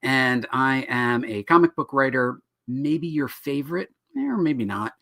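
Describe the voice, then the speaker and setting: A man's voice: medium pitch, expressive, unhurried, sharp tone, no echo. A man hosting a live online talk show about comics, joking and teasing himself and his co-host. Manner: jokey, self-deprecating, upbeat.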